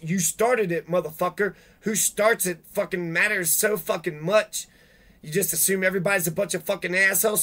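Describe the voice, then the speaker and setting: A man giving an angry monologue, swearing heavily and breaking into loud outbursts. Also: high-pitched. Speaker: video blogger reading legal rules. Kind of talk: profane ranting monologue.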